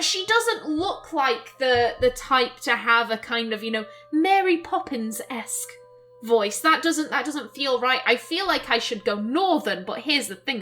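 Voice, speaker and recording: A woman's voice: fairly high pitch, fairly bright tone. A woman hosting a let's play, reading a visual novel in first person and chatting with self-corrections between passages.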